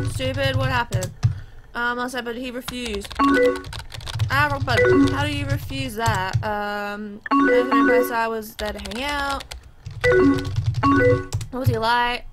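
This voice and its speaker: A woman hosting a gaming channel, reading both sides of a chat game's messages aloud in a chatty, reactive way. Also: fairly high pitch.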